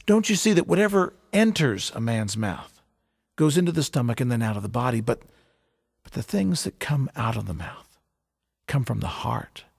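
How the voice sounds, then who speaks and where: A gentle, wise teacher, voiced by a man, speaks slowly in a hushed, measured tone. His voice drops lower than the storyteller's and stays gravelly and husky. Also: very animated, no room sound, clean studio sound, full character voice. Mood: calm teaching.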